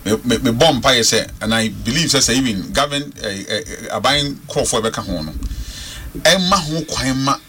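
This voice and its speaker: A man's voice: medium pitch, expressive, normal speed, sharp tone, a little hiss or hum. A man with a Ghanaian accent calling in to a radio talk show, speaking with passion and repeating words for stress. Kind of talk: passionate radio call-in commentary.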